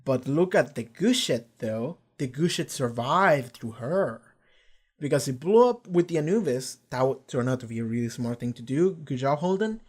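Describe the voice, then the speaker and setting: A man hosting a live reaction stream, recapping an episode in a rambling, excitable way, swearing casually and acting out characters' lines. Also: medium pitch, moderate pace. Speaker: reaction channel host.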